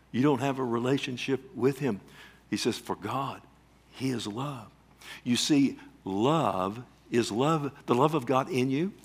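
A man preaching a sermon, emphatic, calling out questions to the congregation and swinging between loud swells and quiet drops. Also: mid-range voice. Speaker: pastor.

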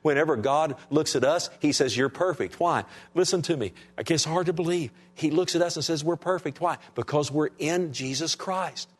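A male pastor preaching a sermon to his congregation. He asks them "Amen?" and swings between raised, emphatic lines and hushed, soft ones. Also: on the high side, normal speed, hardly any pauses. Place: church sanctuary.

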